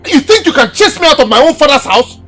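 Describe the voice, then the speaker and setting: An actor playing a defiant grown son threatened with eviction, with a Nigerian accent. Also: male voice, very high-pitched, big pitch swings, fast, over music. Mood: menacing. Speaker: disowned son.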